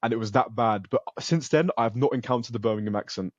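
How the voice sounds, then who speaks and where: Young UK student guest, confident and earnest, muffled lo-fi call audio. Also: male voice, medium pitch, fast, no echo. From United Kingdom. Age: young adult. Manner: earnest, self-assured, frequent restarts. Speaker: interview guest, computer science student. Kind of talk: casual interview over a call.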